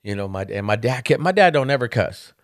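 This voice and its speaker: A man's voice: mid-range voice, fairly quick, no room sound, studio quality. A man hosting a podcast, talking candidly and casually as he tells family stories, often adding "man". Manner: candid storyteller who keeps saying "man"; animated when retelling funny family stories. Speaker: podcast host. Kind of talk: casual monologue.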